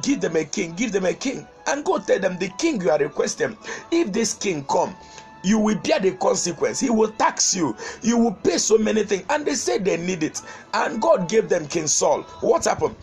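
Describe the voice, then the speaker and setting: A Nigerian man preaching an online sermon with passion, breaking up his phrases with repeated calls of "Hallelujah". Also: on the high side. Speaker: pastor.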